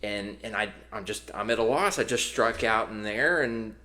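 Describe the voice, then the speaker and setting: A man's voice: on the low side, normal speed, pushed and bright. A man co-hosting a podcast in casual chat, telling a long story with many restarts and fillers. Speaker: podcast co-host.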